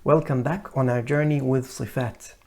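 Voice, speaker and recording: Male tajweed teacher, mellow and gravelly, calm lesson delivery with slow, emphatic letter demos. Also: mid-range voice. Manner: sounds out letters loudly and slowly to contrast them. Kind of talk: recorded lesson.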